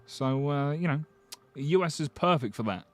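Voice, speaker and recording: A man's voice: on the high side, animated, normal speed. A man streaming, casually chatting and joking as he reads viewer comments, swearing freely and restarting his sentences. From United Kingdom. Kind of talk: casual livestream chat reading viewer comments.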